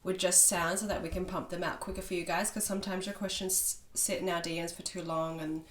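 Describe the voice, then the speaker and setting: A woman with a hoarse, sick voice, co-hosting a casual chat podcast. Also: fairly low pitch, fairly even intonation, brisk, roomy sound, recorded from a distance. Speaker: podcast co-host.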